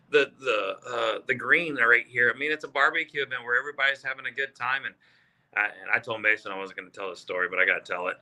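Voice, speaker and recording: A man in his fifties from South Texas, a golfer guest telling stories in casual chat, animated and full of fillers, acting out quotes. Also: fairly low pitch, fairly quick. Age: 50s. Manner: animated storyteller, acts out quotes, many fillers. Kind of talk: casual storytelling.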